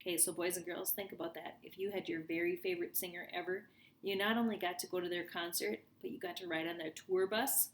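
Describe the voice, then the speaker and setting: A woman reading a children's book aloud in a lively storytelling manner for young listeners. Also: lowish voice, fast, slight background noise. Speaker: reader. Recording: roomy echo.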